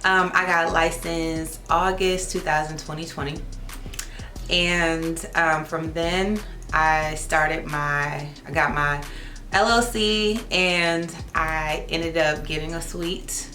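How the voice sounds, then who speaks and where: This young lash artist and licensed esthetician talks to her vlog audience in a chatty, self-teasing way, addressing them as y'all. She speaks slowly in a low, steady, bright voice with a forceful edge. Faint music plays in the echoey room.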